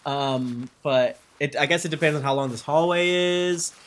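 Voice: mid-range voice, normal speed. A tabletop game player who talks eagerly and jokes, often starting over mid-sentence. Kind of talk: casual tabletop play.

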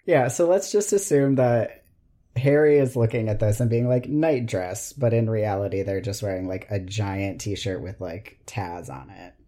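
A podcast co-host with an American accent, mid-pitched, chatting casually. The talk comes across frank and wry, rolling through long, talkative stretches. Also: normal speed, warm tone. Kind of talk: casual chat.

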